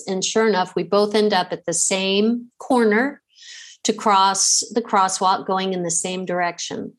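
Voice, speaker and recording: A middle-aged woman hosting a podcast, telling a personal story in a slow, conversational way with fillers. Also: mid-range voice. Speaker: podcast host.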